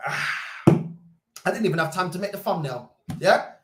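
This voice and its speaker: A young man, hosting a football fan livestream with loud, mocking banter and rapid-fire rhetorical questions. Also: sits high, animated, slight background noise. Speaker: host. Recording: roomy echo.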